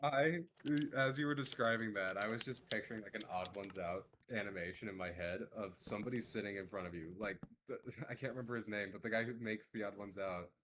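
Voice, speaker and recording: A man's voice: lowish voice, a little fast, background noise. A man chatting casually with a friend on a stream, riffing playfully on the story being told. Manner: playful, riffs on the other's story. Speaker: co-player on stream. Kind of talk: casual chat.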